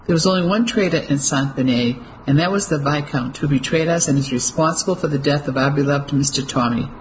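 A narrator voicing an indignant young husband who speaks firmly and forcefully. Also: medium pitch, a little fast, slight background noise, natural voice, poor audio. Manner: firm, forceful.

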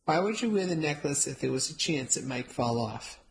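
A woman's voice: deep voice, lively intonation, fairly quick. A woman voicing a sensible young woman, the narrator's sister, in a storybook reading. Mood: reasonable.

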